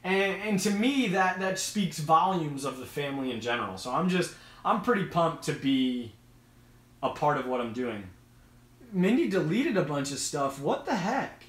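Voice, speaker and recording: A man's voice: a little high, lively intonation, normal speed, roomy sound. A man hosting a casual live stream, talking with eager, rambling enthusiasm. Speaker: host of an aquarium live stream.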